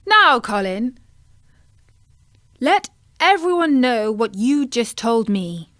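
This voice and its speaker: A woman plays a jolly male frog in a storybook, calling out brightly and coaxing the others along. The voice jumps up high, sounds loud and lively, and is recorded dry and close. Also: slow, no echo.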